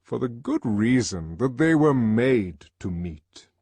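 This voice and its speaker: A man voicing a calm, authoritative world controller who lectures in a measured way. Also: mid-range voice, husky, no room sound, exaggerated voice. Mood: lecturing.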